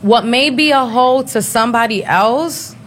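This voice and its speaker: A woman in her thirties speaks bluntly and swears freely in an unscripted chat, breaking into laughter as she goes. Her voice sits a little high for a woman. Faint noise hums behind her. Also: unhurried, fairly bright tone. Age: 30s. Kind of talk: casual chat.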